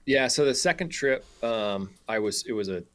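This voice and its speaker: A young man telling a travel story on a radio show, animated and laughing, with many fillers and restarts. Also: medium pitch, normal speed. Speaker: guest photographer and hunter.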